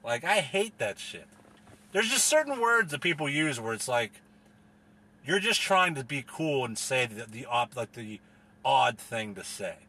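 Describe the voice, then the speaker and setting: A man's voice: medium pitch, expressive, measured pace, bright, forceful tone, breathy edge. A man from the US delivering a profane, rambling, exasperated comedic rant as a solo podcast host.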